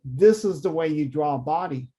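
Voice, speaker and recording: A man who teaches anatomy for artists, talking through a drawing demonstration on a video call, lively and emphatic. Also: a little high, moderate pace, slightly rough. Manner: animated, conversational, emphatic teaching. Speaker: anatomy art professor.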